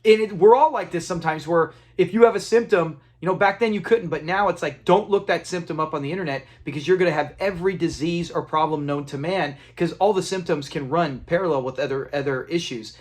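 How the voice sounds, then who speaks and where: A man's voice: fairly high pitch, brisk, hardly any pauses. Chatty man recapping a sitcom episode. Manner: retells scenes, acts out quotes, chuckles. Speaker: TV episode reviewer.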